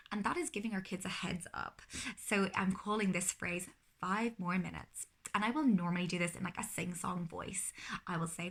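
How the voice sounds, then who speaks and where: Her voice fairly low yet fairly bright, a woman in her thirties shares parenting tips on a casual vlog. She's sincere and explanatory, frequently stopping to fix what she just said.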